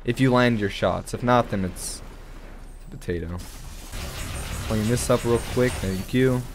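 A young man giving casual gameplay commentary, excitable and swearing, with sudden loud outbursts. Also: medium pitch, a little slow, over music. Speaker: gaming channel host.

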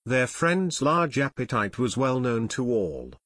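A man reads an audiobook with steady, even delivery. His voice sits at an ordinary middle pitch. The recording is close and dry, with no room sound. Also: a little slow, hardly any pauses, dry recording. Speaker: audiobook narrator. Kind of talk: scripted narration.

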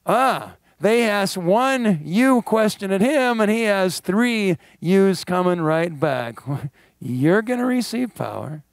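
Man, middle-aged, preacher, high voice, dry close sound, animated sermon. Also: slow pace, gravelly, no room sound. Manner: animated, wry asides, laughs while preaching. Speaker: guest pastor. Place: church sanctuary.

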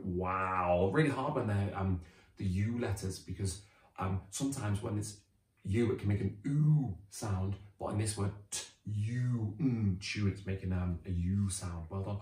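A British man teaching a children's phonics lesson, sounding out words slowly and cheering the children on. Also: low-pitched, echoey room. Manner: animated, drawn-out sounding out of words.

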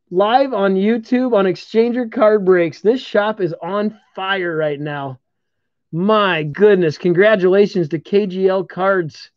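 Slow-talking man hosting a live card break. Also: sits high, no echo. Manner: upbeat, congratulating viewers while calling out cards. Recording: dull lo-fi stream audio.

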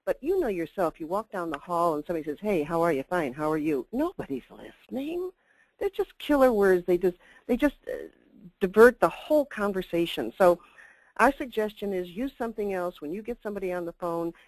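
A woman's voice: medium pitch, animated, brisk, darkish tone, no echo, rough recording. Older woman, customer service trainer, emphatic webinar talk, dry close sound. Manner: emphatic, chatty, with asides. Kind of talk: webinar presentation.

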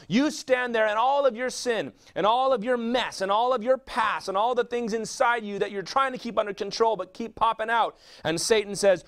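A man's voice: high-pitched, normal speed, hardly any pauses, fairly bright tone, smooth. A man preaching a sermon as a pastor, asking rhetorical questions and answering them himself.

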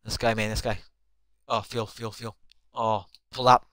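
A young man giving live commentary on his own basketball video game, excitable and swearing constantly as he yells at teammates. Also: fairly low pitch, a little slow, no echo. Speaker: gamer.

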